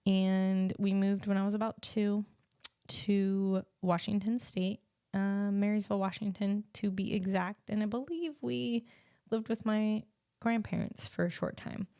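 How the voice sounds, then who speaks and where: Young American woman hosting a solo podcast, casual and rambling, lowish voice with fry, smooth and dry. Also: fairly even intonation, unhurried, mellow, dry recording. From United States. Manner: chatty, rambling, many ums and restarts. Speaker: podcast host and life coach.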